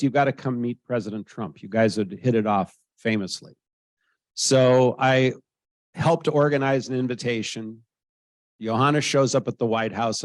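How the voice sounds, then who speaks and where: An American man in his sixties, appearing as an interviewee, recounts an anecdote with animation, performing other people's voices. His voice is mid-range, and the recording has no room sound.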